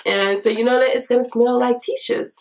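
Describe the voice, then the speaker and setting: A hoarse, congested woman, chatting frankly to camera in a casual makeup review. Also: a little high, normal speed. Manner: chatty, frank, lively asides. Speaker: beauty vlogger.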